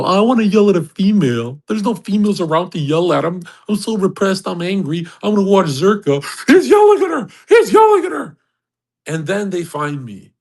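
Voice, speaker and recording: A man's voice: a little high, husky. A man hosting a livestream, talking in a brash, profane rant and mocking others in put-on voices. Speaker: host. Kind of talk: livestream monologue.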